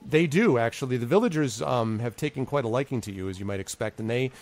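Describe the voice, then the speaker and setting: A man's voice: lively intonation, fast, a little mellow, dry recording. A man narrating a tabletop role-playing game as game master, with many ums and asides. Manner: rambling, lots of ums, pitches up for quoted characters.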